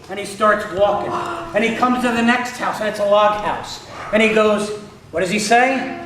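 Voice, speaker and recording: A man's voice: high voice, normal speed, noisy background. A man telling a story to children in a playful manner, asking his listeners questions, heard in an echoey room with listeners around.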